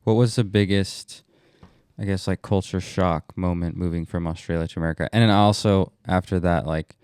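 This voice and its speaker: A man co-hosting a casual sports podcast, easygoing and quick to laugh. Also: low voice, steady tone, darkish tone, smooth, no room sound, studio quality. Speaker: podcast co-host.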